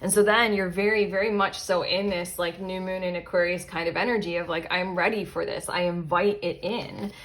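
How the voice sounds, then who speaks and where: A woman's voice: fairly low pitch, steady tone, a little fast, few pauses, fairly bright tone. A woman giving a casual pick-a-card tarot reading to her viewers, rambling with fillers and stopping to correct herself. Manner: rambling, self-interrupting, frequent fillers and asides. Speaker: tarot reader.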